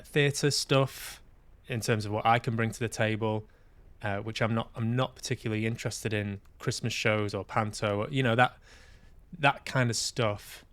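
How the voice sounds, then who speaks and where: A man's voice: lowish voice, fairly bright tone, clean tone. A man hosting a podcast, talking candidly in a casual, reflective monologue, self-deprecating and swearing now and then. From Manchester, UK. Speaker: podcast host and actor.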